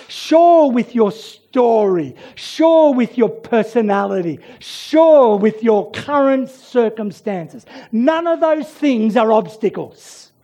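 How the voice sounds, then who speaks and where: A preacher giving a sermon, swinging between loud urging and hushed near-whispers. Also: mid-range voice.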